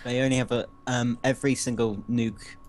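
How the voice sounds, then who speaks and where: A man's voice: mid-range voice, fairly even intonation, fairly quick, a little mellow, a little hiss or hum. A young man co-playing a strategy game, chatting casually and hesitantly with many ums and restarts. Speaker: co-player. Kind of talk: casual gaming chat.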